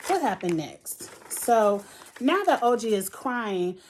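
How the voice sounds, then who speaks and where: A woman's voice: on the high side, a little hiss or hum. A woman reviewing a reality show in a blunt, heated, profane rant. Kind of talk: ranting commentary vlog.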